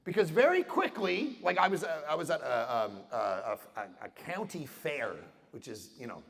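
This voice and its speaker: A middle-aged man from Canada giving an animated talk to an audience, acting out voices in his stories. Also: on the high side, normal speed, vocal fry. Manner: animated storytelling with acted-out voices and jokes. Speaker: conference speaker. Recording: reverberant hall sound.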